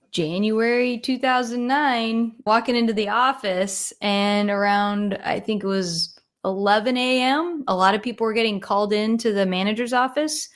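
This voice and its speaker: Upbeat woman guest, laughing often. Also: mid-range voice. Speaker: podcast guest. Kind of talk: casual podcast interview.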